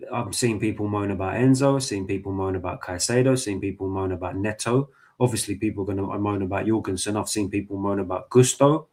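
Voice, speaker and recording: Low-ish voiced guy doing a live footy watch-along, gets worked up, swears, yells at the ref. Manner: excitable, swears a lot, talks to the players and ref. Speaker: football fan streamer.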